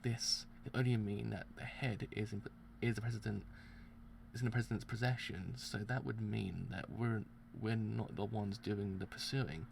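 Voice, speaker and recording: A man reading aloud the lines of a tense young male racer, in a low muttering voice. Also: fairly even intonation, normal speed, creaky, a little hiss or hum.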